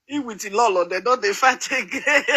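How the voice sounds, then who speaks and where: Nigerian woman vlogger, middle-aged, high-pitched and chatty, laughs a lot. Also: animated, measured pace, sharp tone, slightly rough, poor audio. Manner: chatty, laughs often, sings snatches. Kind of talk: casual chat.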